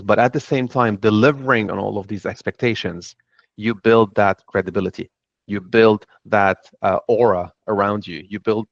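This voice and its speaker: This is panel talk from a middle-aged man from Lebanon who speaks with a Lebanese accent, recounting his own path in an earnest, reflective way. His voice is on the low side. The dull, dry recording carries no echo.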